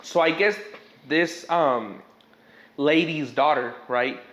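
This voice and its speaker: A man's voice: a little high, slow, fairly bright tone. A young man in casual podcast chat, telling a story in a rambling, profane way full of fillers. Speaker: podcast guest or host. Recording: echoey room.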